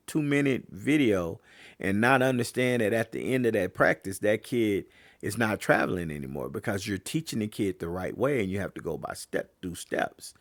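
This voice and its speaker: A man hosting a sports podcast and coaching young players, giving an animated, ranting opinion monologue straight to his listeners. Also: fairly low pitch, no echo, clean studio sound. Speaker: podcast host and youth sports trainer.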